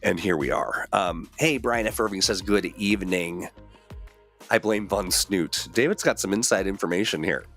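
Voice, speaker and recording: A man's voice: low-pitched, normal speed, a bit bright, faint music behind. A man hosting a casual livestream chat, rambling with many fillers and restarts while getting over a cold. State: recovering from a cold. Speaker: host.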